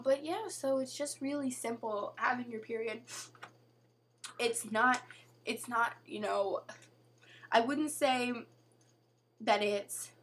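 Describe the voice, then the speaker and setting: A young woman vlogging in a casual chat to camera, chatty and full of "like" and "you know", her voice going hoarse. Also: on the high side, fairly bright tone, a little hiss or hum.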